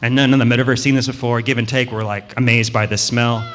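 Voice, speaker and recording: A man's voice: medium pitch, flat delivery, fast, a bit bright, slight background noise. A man telling a children's story at a worship service, playful and chatty with the children listening. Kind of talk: children's story told to a congregation. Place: church sanctuary. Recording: long hall reverb in a sanctuary.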